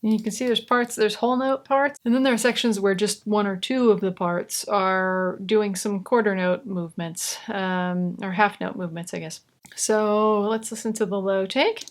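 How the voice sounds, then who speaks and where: A young woman explaining how she records and layers vocals, in a chatty, relaxed way with asides. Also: mid-range voice, normal speed, soft background music. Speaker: vocal producer teaching. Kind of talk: casual tutorial explanation.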